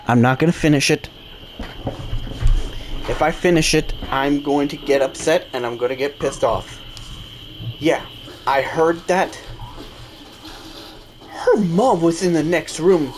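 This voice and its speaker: A man's voice: fairly high pitch, a little slow, long pauses. A man telling a personal story in casual chat while gaming, rambling and restarting his sentences. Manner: rambling, restarts and self-corrections. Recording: noisy background.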